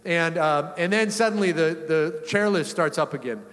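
A pastor with a slightly higher-than-typical male voice delivers a chatty story-based sermon at moderate speed. He's animated and keeps chuckling in the middle of sentences, while a long hall-like reverb trails each phrase.

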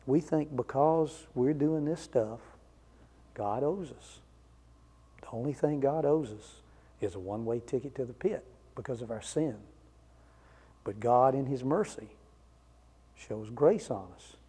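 Preaching on a passage, a man works through it with rhetorical questions and conversational asides. His medium-pitched voice is mellow and slightly rough, a little slow with long pauses, and a large hall's long reverb colors the recording.

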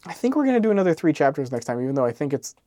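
A drunk man co-hosting a podcast in casual chat, relaxed and joking, asking quick questions. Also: a little high, no echo, clean studio sound. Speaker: podcast co-host.

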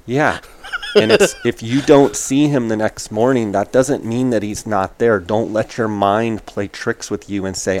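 A man's voice: fairly low pitch, unhurried, darkish tone. A man hosting a hunting talk show, giving advice in short, emphatic, repeated phrases and acting out quoted exchanges. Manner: acts out quoted exchanges with a raised voice. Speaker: hunting podcast host. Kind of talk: casual chat.

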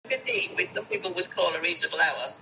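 A woman's voice: lowish voice, fast talker. A woman calling in to a podcast, making dry, wry remarks over a phone call. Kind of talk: casual chat over a call. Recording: noisy phone line.

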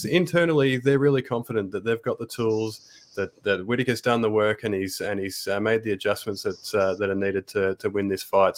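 A man hosting a casual fight-news podcast, talking in halting bursts with many restarts. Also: on the low side. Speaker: podcast host.

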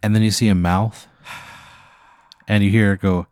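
Co-hosting a comedy podcast, a man rambles through an absurd improvised hypothetical, building out the scenario. His fairly low voice is level, moderate in pace and a little mellow, recorded dry and clean in a studio.

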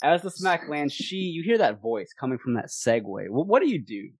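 A man narrating a tabletop game as game master in an animated way. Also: fairly high pitch, moderate pace, slightly rough, no echo. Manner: animated, laughing often.

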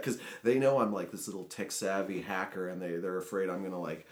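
A man chatting casually on a podcast, telling animated stories with laughs. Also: low voice, brisk, hardly any pauses. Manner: animated storytelling with shouted quotes and laughs. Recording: echoey room.

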